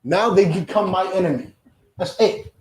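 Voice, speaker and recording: A man preaching a confrontational lesson to his group, blunt and forceful, again and again asking whether his listeners understand. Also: sits high, moderate pace, roomy sound, poor audio. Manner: blunt, forceful, repetitive questioning. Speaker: Hebrew Israelite teacher.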